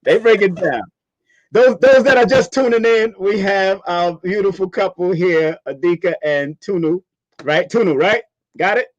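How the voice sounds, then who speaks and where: A man hosts a casual interview with a notably high voice, recorded close and dry. He is enthusiastic, repeats phrases and laughs often, affirming his guests. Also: unhurried, no echo, highs cut off. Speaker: interview host.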